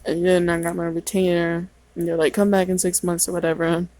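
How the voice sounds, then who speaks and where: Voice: mid-range voice, monotone, brisk, a little mellow, no echo, rough recording. A teenager rambling and venting in a casual vlog, full of "like" and swearing. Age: teens. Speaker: vlogger.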